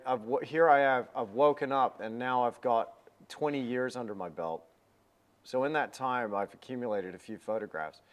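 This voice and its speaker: A young man giving a live painting lesson, chatty and rambling with a self-deprecating manner. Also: medium pitch. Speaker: painting instructor.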